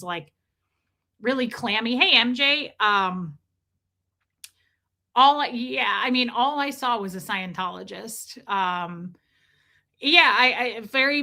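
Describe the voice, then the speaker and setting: A middle-aged woman talks through a casual livestream in a bright, ringing voice. She repeats points for emphasis and keeps breaking off to greet viewers in chat. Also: a little high. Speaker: livestream host reading chat.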